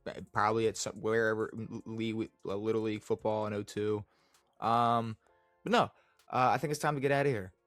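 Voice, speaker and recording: A man's voice: on the low side, fairly even intonation, fairly quick, a bit bright, no room sound, soft background music. A young man co-hosting a casual sports podcast, rambling and laid-back with lots of fillers. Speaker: podcast co-host.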